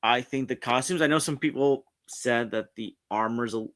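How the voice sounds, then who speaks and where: A man's voice: medium pitch, moderate pace, a bit bright. Rambling New man streaming. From New York. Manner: rambling, frequent restarts and self-corrections. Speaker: streamer host. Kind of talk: casual pop culture commentary, reading articles aloud. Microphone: streaming setup mic.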